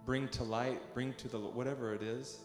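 A man praying aloud over music, halting and repeating words as he goes. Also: mid-range voice, fairly even intonation. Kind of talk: spoken prayer over music. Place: church worship hall. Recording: echoey hall with live music.

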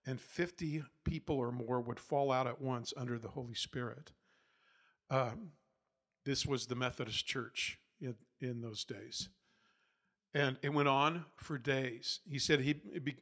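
Emphatic storytelling preacher, bright-toned man. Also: mid-range voice. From United States. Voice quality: not soft-spoken. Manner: storytelling, builds to loud emphatic peaks, laughs between points. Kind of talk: sermon storytelling.

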